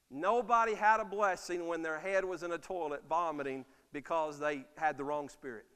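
A high-pitched man preaching, his voice ringing bright and forceful through a church sanctuary with a long trailing reverb. He keeps asking the congregation "Amen?" and acts out the voices of people in his stories. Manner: preaching with call-and-response "Amen?" and acted-out quotes. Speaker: pastor. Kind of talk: sermon.

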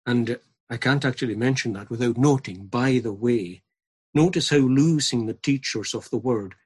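Husky-voiced man preaching. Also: mid-range voice, darkish tone. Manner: earnest, building to emphatic repetition. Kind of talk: sermon.

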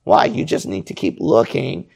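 A man's voice: sits low, wildly swooping pitch, moderate pace, vocal fry, darkish tone. A man preaching a sermon to his congregation, exhorting them with repeated rhetorical questions.

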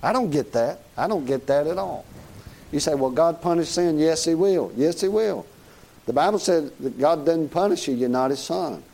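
A man's voice: a little high, lively intonation, normal speed, gravelly, darkish tone. A middle-aged man with a Southern US accent preaching a sermon in a folksy, joking way, chuckling as he goes. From Southern United States.

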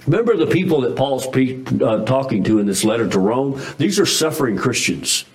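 A man's voice: mid-range voice, very animated, fairly quick, hardly any pauses, darkish tone, poor audio. A man preaching a sermon in a folksy, emphatic way, with frequent restarts and chuckles. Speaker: pastor.

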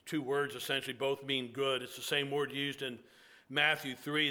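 A man preaching a sermon in an earnest, reflective way, with slow, drawn-out pauses. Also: medium pitch, flat delivery, pushed and bright.

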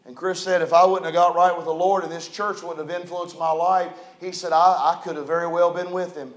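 A male pastor preaching a sermon, moving from quiet storytelling to loud, emphatic rises. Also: sits high, little pitch movement, brisk. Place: church hall. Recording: echoey church room.

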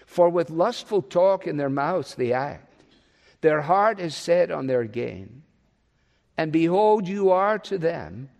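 A man preaching an expository sermon, pressing his points with loud rises and then dropping to a soft, low voice. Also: vocal fry, long reverb tail. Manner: emphatic, swinging between loud rises and soft drops.

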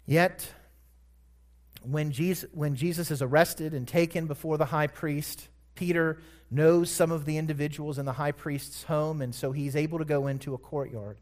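A man preaching a sermon, retelling a scripture story with emphatic, drawn-out words. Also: a little high, steady tone.

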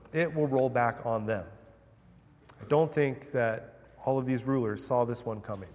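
A man's voice: mid-range voice, long reverb tail. A man preaching a sermon, reading scripture aloud with dramatic emphasis and then explaining it in plain words. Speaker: pastor.

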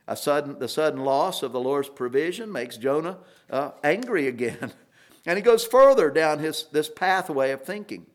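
A man delivers an expository sermon in a mid-pitched voice. He is earnest and lifts his voice to stress key points, with an occasional restart. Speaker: preacher.

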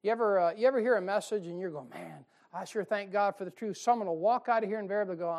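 A man's voice: sits high, fast, gravelly, hardly any pauses, darkish tone. Fiery preacher man. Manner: folksy, emphatic preaching with rising outbursts. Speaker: pastor. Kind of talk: fiery sermon. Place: church sanctuary.

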